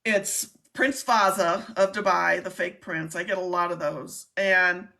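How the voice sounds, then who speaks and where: A middle-aged woman hosting a casual live-stream chat, talking in an excitable, chatty way. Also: lowish voice, unhurried, creaky. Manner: chatty, excitable, laughs often. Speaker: host, scam baiter.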